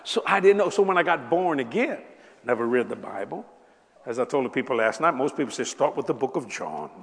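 Long hall reverb surrounds a preacher in his seventies whose medium-pitched voice has lively intonation, a fairly quick pace and some vocal fry. He chats informally with the congregation during the sermon, spinning joking stories.

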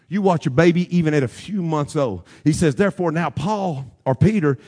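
Man, pastor, sermon, high gravelly voice, husky rasp, repetitive shouting delivery. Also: a little fast, hardly any pauses. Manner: preaching with rising shouted repetition.

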